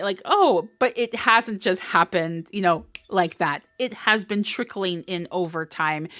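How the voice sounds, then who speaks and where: A woman's voice: lowish voice, fairly bright tone, no room sound, studio quality. A woman giving a live tarot reading, emotional and encouraging, often laughing. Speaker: tarot reader. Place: indoors, live stream.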